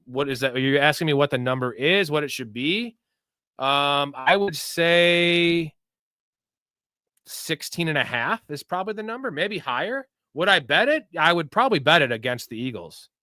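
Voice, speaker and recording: A man's voice: fairly high pitch, sharp tone, no echo, clean studio sound. Hyped, profane young man hosting a livestream. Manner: loose, profane, hyped-up bro talk. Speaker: host of a live sports betting and fantasy show. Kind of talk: casual livestream chat answering viewer questions.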